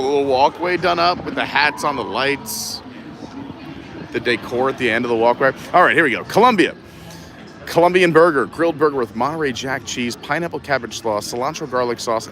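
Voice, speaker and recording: A man's voice: mid-range voice, animated, brisk, noisy background. A man live-streaming a walk through a theme park festival, chatting casually and reading menu boards aloud. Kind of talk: casual walking commentary.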